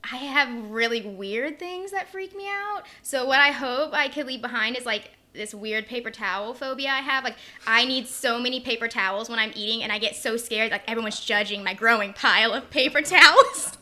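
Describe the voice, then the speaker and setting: A woman's voice: fairly high pitch, normal speed, few pauses, bright, forceful tone. A woman, a podcast guest, chatting casually in a self-deprecating way and laughing often. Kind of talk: casual chat.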